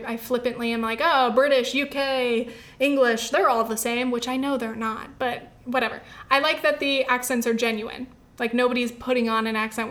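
A chatty young woman talks through her week of films in a loose, rambling way, full of fillers and restarts. Her voice sits a little high and sounds bright and forward. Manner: chatty, rambling, many fillers and self-corrections. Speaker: film review podcaster. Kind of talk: casual film review chat.

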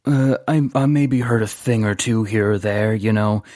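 A man's voice: on the low side, normal speed, mellow, dry recording, clean studio sound, lightly acted. A man voicing an ambitious, ingratiating male street hustler who pleads earnestly for a break. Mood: pleading. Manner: pleading, earnest, repeats names.

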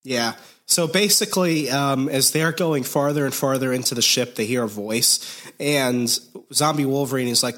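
Bright-voiced man recapping comics. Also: medium pitch, moderate pace. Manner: rambling, animated storytelling. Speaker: podcast host.

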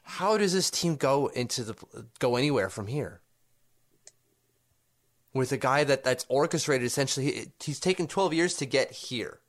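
A man's voice: medium pitch, expressive, normal speed. Argumentative male sports podcast host. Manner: argumentative, rhetorical questions. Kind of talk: casual sports chat.

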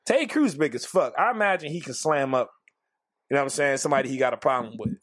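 A man co-hosting a casual podcast, profane and joking, breaking into loud acted-out bits. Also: medium pitch, animated, quick pace, dry recording, studio quality. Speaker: podcast co-host.

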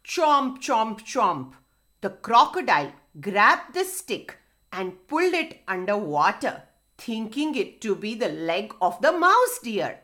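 A woman reading a children's story aloud, expressive and sing-song, talking to the children directly. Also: mid-range voice, a little slow.

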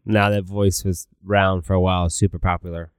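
A man's voice: deep voice, little pitch movement, brisk, clean tone, no room sound. A man co-hosting a podcast in casual chat, laid-back and terse. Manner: laid-back and terse, answers in short lines. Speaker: podcast co-host.

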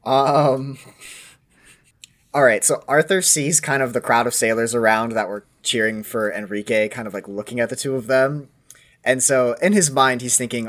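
A man's voice: mid-range voice, fairly even intonation, normal speed, a bit bright. Casual, hesitant male player. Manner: casual, hesitant, thinking aloud. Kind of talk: tabletop role-play.

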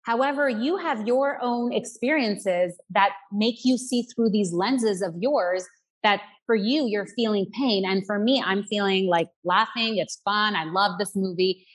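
A woman's voice: mid-range voice, unhurried. A woman parenting coach explaining her ideas earnestly, using everyday examples in conversation. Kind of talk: explanatory interview talk.

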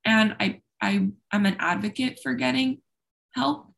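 A woman's voice: a little high, unhurried, vocal fry, a bit bright. A young woman speaking openly and at length as an interview guest, talkative and self-deprecating. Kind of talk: candid personal conversation.

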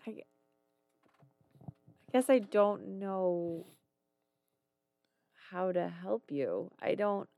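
Brief: woman, 30s, podcast co-host, some vocal fry, blunt, swears, dry close sound. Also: medium pitch, extremely slow, pauses often, dry recording, dull audio. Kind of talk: casual chat.

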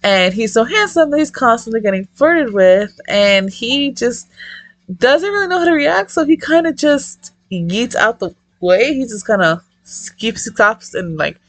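A young woman reviewing a manga in casual chat, excitable, swearing a lot and rambling off-topic. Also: fairly high pitch, a little slow, dry recording.

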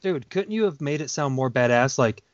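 A man guesting on a casual podcast, talking in a brash, teasing way with plenty of swearing. His slightly high voice comes through a dull, lo-fi mic with no room sound. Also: animated, brisk, no echo. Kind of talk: casual chat.

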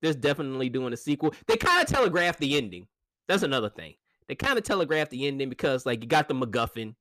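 A man casually reviewing a movie, animated and chatty, laughing often and restarting his sentences. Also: mid-range voice, fast talker, no room sound.

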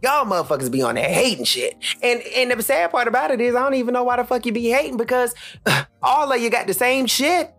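A man's voice: sing-song, fast talker, fairly bright tone, faint music behind. A man in his thirties from Charlotte, North Carolina, hosting a solo podcast as a blunt, heated rant full of cursing. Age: 30s. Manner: blunt, heated, cursing freely, swings pitch up for emphasis. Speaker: podcast host.

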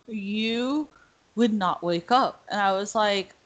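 A woman's voice: mid-range voice, animated, takes it slowly, fairly bright tone. A woman hosting a casual podcast, talking chattily and laughing often. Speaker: podcast host. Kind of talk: casual chat.

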